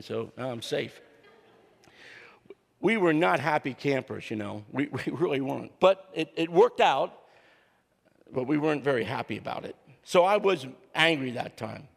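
Older guy preaching, gravelly voice, kinda high, long church echo, jokey storyteller. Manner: joking storyteller, acts out quotes. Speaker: guest preacher and counselor. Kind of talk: humorous sermon with stories. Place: church sanctuary. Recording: long hall reverb in church.

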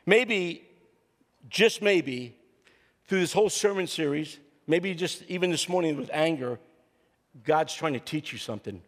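A man's voice: a little high, animated, a little slow, a bit bright. An older man preaching a humorous sermon, telling stories and acting out what people said, with a joking, easygoing manner. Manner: joking storyteller, acts out quotes. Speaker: guest preacher and counselor. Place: church sanctuary. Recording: long hall reverb in church.

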